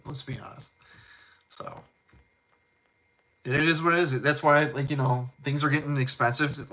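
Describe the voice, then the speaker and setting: A man's voice: medium pitch, moderate pace, sharp tone. A young man from Illinois hosting a casual fragrance chat, blunt and profane, rambling with lots of fillers. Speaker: fragrance channel host.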